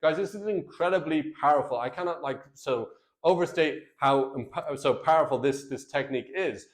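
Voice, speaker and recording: A man's voice: on the high side, normal speed. A man talking straight to camera as a marriage coach, earnest and plain-spoken, calling his viewers guys and brother. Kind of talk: direct-to-camera coaching talk.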